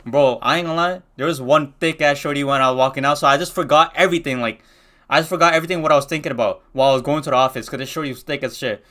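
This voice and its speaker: A young man from Pakistan telling a story from his school days in a casual storytime, slangy and excitable, full of restarts. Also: on the high side, rapid-fire.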